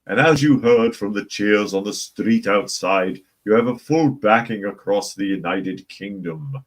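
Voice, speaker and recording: A man's voice: fairly low pitch, measured pace. A man putting on a smug British leader. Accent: put-on British. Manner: mocking impression.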